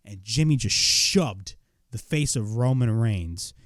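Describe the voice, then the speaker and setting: A man retelling a wrestling show in a casual, excitable recap, swearing freely as he goes. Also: medium pitch, slow pace, dry recording, studio quality.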